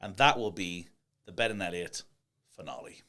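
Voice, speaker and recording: Animated Welsh man, lively pitch. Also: moderate pace. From Wales. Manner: animated, excitable storyteller. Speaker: guest. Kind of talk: casual chat.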